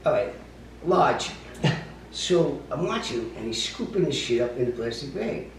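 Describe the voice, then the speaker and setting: A man telling a story in a gruff, profane way and acting out the quotes. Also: mid-range voice, big pitch swings, normal speed. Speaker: storyteller guest. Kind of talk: casual anecdote telling. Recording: echoey room, distant mic, faint noise.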